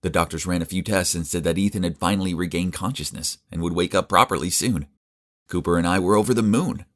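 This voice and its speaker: Young man, deep low voice, earnest scripted first-person narrator for an animated story. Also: quick pace.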